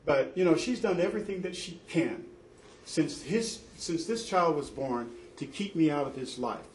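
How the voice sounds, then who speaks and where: A man, a father and church deacon, giving an impassioned testimony in an indignant, emphatic way, often restarting his sentences. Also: on the high side. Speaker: father testifying in a custody dispute. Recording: echoey room with faint background noise.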